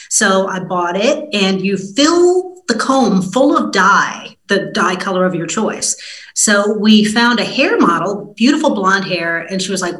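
Lively woman telling a story. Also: mid-range voice, moderate pace, poor audio. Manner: lively, self-deprecating storyteller. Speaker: TV news reporter, guest. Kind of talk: casual podcast interview.

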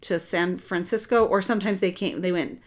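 A middle-aged woman telling a personal story in casual chat, animated and rambling, with restarts. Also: on the low side, normal speed. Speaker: adoptive mother telling her story.

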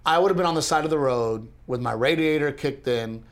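A man co-hosting a casual podcast, telling a story in an animated way, speeding up when excited and restarting his sentences often. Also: medium pitch, brisk. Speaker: podcast co-host.

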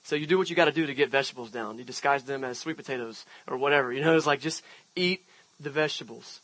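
A man's voice: mid-range voice, rapid-fire, a bit bright, no room sound, low-quality recording. A man preaching an outdoor sermon as pastor, telling a personal story in a conversational way with emphatic swells. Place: outdoor park service.

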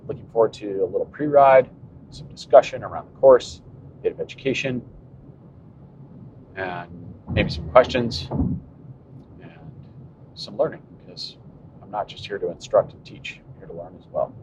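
A man's voice: normal speed, pauses often, a little mellow. A man in his fifties hosts a solo cycling podcast from his car. He muses aloud in a wry, sarcastic way. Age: 50s. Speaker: cycling podcast host and coach. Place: in a moving car. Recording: muffled car recording with road rumble.

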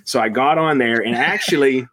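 An animated man telling stories as a toy collector on an interview show. He jokes at his own expense and rambles loosely from one thought to the next. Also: mid-range voice, normal speed. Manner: animated, self-deprecating, rambling with restarts. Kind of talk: casual interview storytelling.

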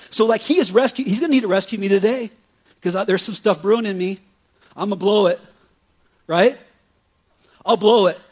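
A man gives a sermon in a relaxed, talky way, tossing in quick asides to his listeners. His voice sits high for a man and has a husky edge to it. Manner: conversational, animated preaching with frequent "right?" asides. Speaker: pastor.

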